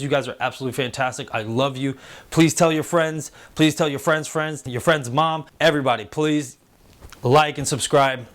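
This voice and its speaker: A man in his thirties hosting a casual review show, talking loosely, swearing freely and acting out quotes in silly voices. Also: medium pitch. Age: 30s. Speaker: host. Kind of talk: casual spoiler review chat.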